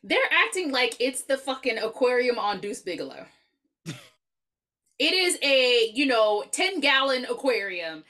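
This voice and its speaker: A woman's voice: on the high side, very animated, unhurried, bright, forceful tone. A woman co-hosting a casual movie review podcast, making wry joking asides and swearing. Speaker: podcast co-host.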